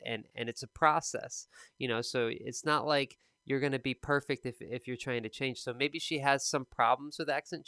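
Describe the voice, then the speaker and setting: A man teaching TOEFL speaking on a live stream, explaining in a relaxed, conversational way. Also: medium pitch, smooth, dry recording, studio quality.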